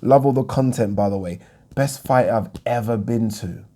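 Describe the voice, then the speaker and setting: In a casual Q&A on his boxing YouTube channel, a man answers viewers' questions in a frank, rambling manner, saying um a lot. He has a dark-toned, mid-range voice at a moderate pace.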